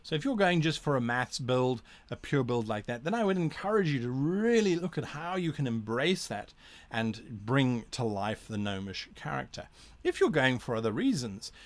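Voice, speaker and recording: A man explains tabletop game tips casually to the camera. His voice sits at an ordinary middle pitch. He talks in an animated way, speeds up in bursts, and often corrects himself mid-sentence. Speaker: tabletop game advice host.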